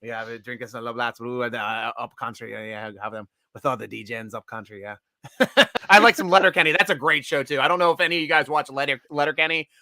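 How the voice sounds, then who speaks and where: A man hosting a live fan stream, talking in an excitable, rambling way with frequent restarts. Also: medium pitch, fast talker, dry recording, studio quality. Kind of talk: excited casual fan commentary.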